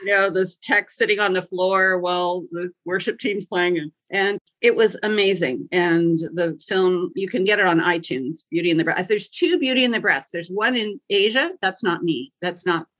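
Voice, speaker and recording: A woman, a podcast guest who tells her story in a lively, jokey way and acts out the voices of the people in it. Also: fairly low pitch, normal speed, hardly any pauses, poor audio. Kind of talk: animated storytelling chat.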